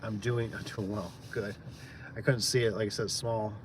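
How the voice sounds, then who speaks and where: A man's voice: on the low side, flat delivery, normal speed, noisy background. A man from Michigan chatting casually on a live stream, rambling and friendly with lots of fillers. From Michigan, USA. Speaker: small business owner live-streaming.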